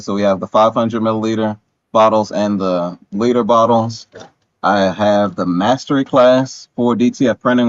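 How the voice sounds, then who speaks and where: A man with a lowish, flat, matter-of-fact voice. His sound is dry and a bit dull, like a cheap mic with the highs rolled off. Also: no room sound. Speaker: guest. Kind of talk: casual chat.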